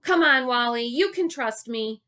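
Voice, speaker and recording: A woman's voice: fairly high pitch, lively intonation, a little slow, voice pushed up. A woman voicing Dale, a boy calling out from the water and coaxing his friends to trust him. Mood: urgent coaxing. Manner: coaxing, shouting.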